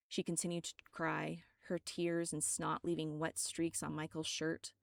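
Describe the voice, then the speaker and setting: A woman reads her own dark story aloud in a steady, dramatic way. Her voice is low and gravelly with vocal fry. The recording is dry and close. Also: measured pace, hardly any pauses, dry recording. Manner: steady, dramatic first-person reading. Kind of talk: audiobook narration.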